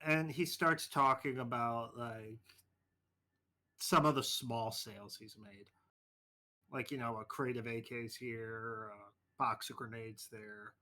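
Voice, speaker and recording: Male game master, casual loose narration, bright edgy tone, middle pitch. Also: steady tone, takes it slowly. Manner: casual, loose, swears freely. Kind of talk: narrating a tabletop game over a voice call.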